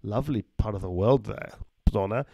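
A man's voice: lowish voice, normal speed, creaky, no room sound, highs cut off. A man, a doctor hosting a casual live stream, reading out viewers' names and places and joking with the chat. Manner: reads out viewer names and greetings, jokey.

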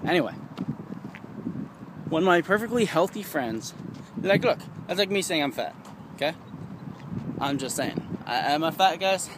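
Lively young man ranting outdoors. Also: normal speed, pauses often. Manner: rambling, animated, mocks voices with high squeals. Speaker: vlogger. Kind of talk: casual vlog rant. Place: outdoors, walking in town. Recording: outdoor street noise behind.

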